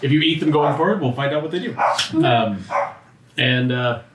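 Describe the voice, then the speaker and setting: A man running a tabletop game, slowing down as he narrates the scene. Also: medium pitch, heavy background noise. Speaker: game master. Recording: echoey, distant, faint barking. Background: dogs barking outside.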